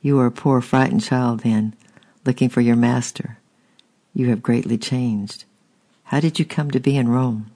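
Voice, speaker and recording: Kind gentle lady nursing someone, a guy reading her, mellow low tone. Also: fairly even intonation, moderate pace, close to an everyday voice. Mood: thoughtful. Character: kind gentle Christian woman caring for the sick.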